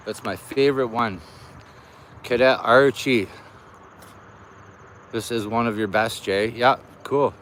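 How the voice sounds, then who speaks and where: A man's voice: medium pitch, bright, forceful tone. A friendly, talkative middle-aged man, live-streaming from outdoors near an air base. He greets his viewers one by one in easy, loose chat, with faint traffic behind him. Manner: chatty, greeting viewers by name.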